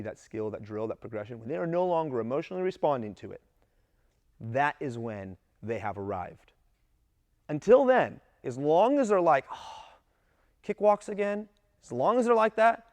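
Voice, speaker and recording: A man coaching gymnastics coaches in a casual talk, lively and acting out what his athletes say. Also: medium pitch, no echo. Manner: animated, acts out athletes' voices in quotes.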